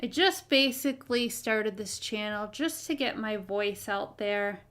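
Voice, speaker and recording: A woman hosting her own live stream, talking in an earnest, hesitant way with many pauses and fillers. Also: medium pitch, fairly bright tone, smooth. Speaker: channel host.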